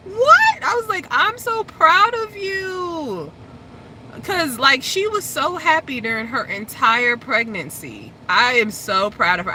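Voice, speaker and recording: A woman hosting a casual chat, telling stories in an animated way and laughing often. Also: lowish voice, slight background noise. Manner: animated storytelling, laughs often, squeals in excitement. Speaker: host.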